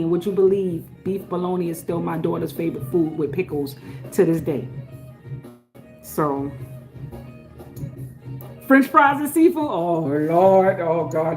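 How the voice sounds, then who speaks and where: A middle-aged woman hosting a casual livestream, talking straight to her viewers. She moves between quiet, murmured blessings and loud, laughing bursts of excitement. Faint music plays underneath her voice. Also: medium pitch, moderate pace. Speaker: livestream host. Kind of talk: casual live-stream chat.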